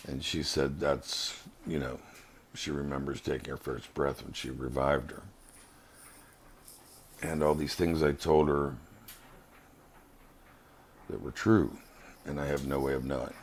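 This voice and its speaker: With a very deep, flat voice, a man shares a personal spiritual story, vlogger-style, as a kind of testimony. He talks slowly, earnestly and haltingly, with slight background noise.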